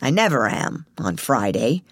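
A man's voice: on the high side, wildly swooping pitch, measured pace, fairly bright tone, no echo, studio quality, exaggerated voice. A woman voicing a gloomy, grumbling actor. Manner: grumbling, doom-laden. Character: gloomy superstitious male actor.

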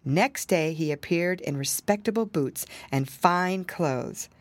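A woman reading a fairy tale aloud, expressive storytelling with dramatic exclamations. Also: on the low side, takes it slowly, dry recording.

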